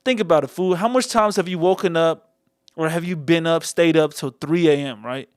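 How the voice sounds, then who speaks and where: A man with a fairly high, smooth, resonant voice, talking in loose street slang as a call-in podcast host. The sound is close and dry, with no room around it. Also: normal speed, no room sound. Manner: slangy, repeats "my boy" and "fool" constantly. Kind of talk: casual call-in podcast chat.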